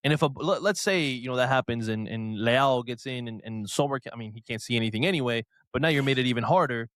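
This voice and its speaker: Man, podcast co-host, heated rant, lots of restarts, mid pitch, dry close sound. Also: fast talker, a bit bright, dry recording. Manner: heated, ranting, frequent restarts. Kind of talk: casual podcast chat.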